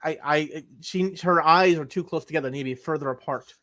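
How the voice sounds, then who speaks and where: A man's voice: on the high side, brisk, bright, forceful tone. A young man co-hosting a podcast, chatting casually in a rambling way with crude jokes and lots of repeated words. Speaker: podcast co-host. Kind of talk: casual chat.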